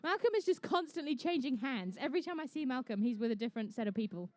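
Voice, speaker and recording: Fast and lively in intonation, this young woman's high, slightly mellow voice is captured in a dry recording. As emcee and commentator at an indoor conference venue, she calls a live competition and chats playfully with the teams.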